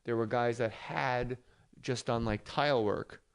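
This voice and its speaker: A man's voice: medium pitch, measured pace, clear, resonant tone. A man hosting a comedy podcast, chatting casually, swearing freely and acting out the people in his stories. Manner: animated, acts out voices in stories, swears freely. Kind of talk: casual chat, storytelling. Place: podcast studio.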